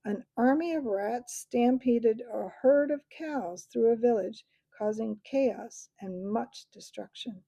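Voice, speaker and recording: A woman voicing a very old, absent-minded male mouse who keeps records, speaking in a squeak barely above a whisper. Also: takes it slowly, creaky, hardly any pauses, dark tone, no room sound, full character voice. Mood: grave.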